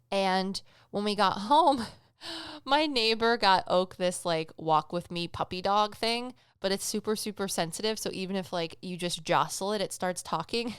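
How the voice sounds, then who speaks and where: Giggly chatty woman, smooth dry voice. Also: on the low side, a bit bright, no echo. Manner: chatty and giggly, mimics voices in her stories. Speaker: podcast host and psychic medium. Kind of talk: casual chat.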